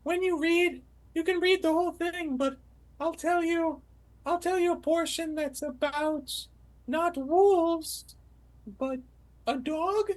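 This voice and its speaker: A woman's voice: extremely high pitch, slow pace, a little mellow, low-quality recording. A woman player telling a rambling, goofy story in character at a tabletop game. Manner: rambling, goofy comedic delivery.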